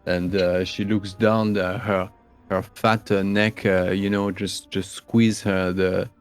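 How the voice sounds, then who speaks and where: A male game master describing a tabletop game scene, unhurried and halting, often searching for the right word. His voice sits low, with faint music playing in the background. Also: flat delivery, smooth. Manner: halting, full of fillers and restarts, searching for words.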